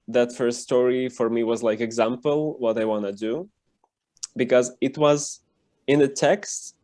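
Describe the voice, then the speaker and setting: A cartoonist with a mid-range voice is the guest in a casual video call interview. He talks with plenty of fillers and lively emphasis.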